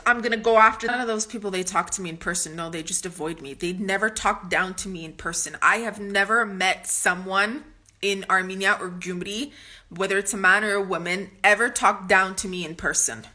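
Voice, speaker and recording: A woman's voice: medium pitch, sharp tone. A woman talking to her channel in a blunt, profane, confrontational rant, restarting her sentences as she goes. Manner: ranting with frequent restarts. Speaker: vlogger. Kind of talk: profane monologue to camera.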